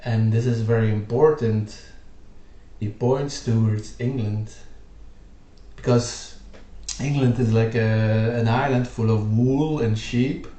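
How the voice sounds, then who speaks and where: Slow-talking man explaining history. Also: mid-range voice, steady tone, mellow. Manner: rambling, lots of fillers. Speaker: video host. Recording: roomy echo.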